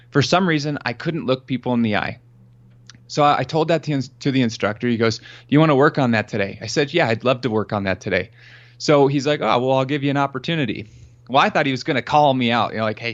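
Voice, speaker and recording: Earnest man telling a story, lo-fi. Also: mid-range voice. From Colorado. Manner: earnest, animated storyteller who acts out quoted dialogue. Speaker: podcast guest. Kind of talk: storytelling in an interview.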